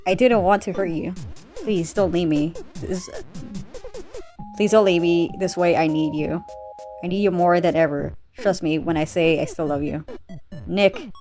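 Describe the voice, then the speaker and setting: A woman's voice: lowish voice, unhurried, pauses often, darkish tone, soft background music, close to an everyday voice. A woman reading as an earnest bunny cop, pleading. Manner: pleading, emotional. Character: earnest young female bunny police officer.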